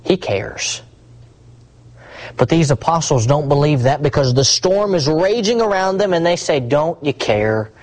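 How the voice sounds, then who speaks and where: A man preaching a sermon, swinging between hushed asides and rising, emphatic repetition. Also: on the high side, moderate pace, poor audio.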